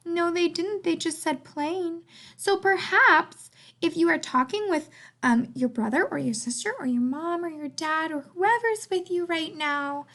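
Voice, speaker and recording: A woman teaching a writing lesson to young children, in an animated, sing-song teacher voice with lots of emphasis. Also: sits high.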